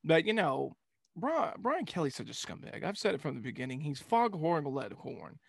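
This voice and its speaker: A man's voice: on the high side, sing-song, normal speed, creaky, fairly bright tone, slightly rough, dry recording, studio quality. A young man co-hosting a casual sports talk show, joking and slipping into silly impressions.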